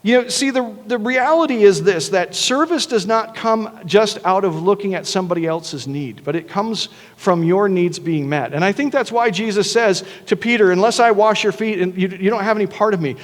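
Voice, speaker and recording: Speaking at normal speed with few pauses, this high-pitched pastor delivers a sermon in a church sanctuary where a long reverb tail follows him. His tone is earnest and conversational, with frequent restarts.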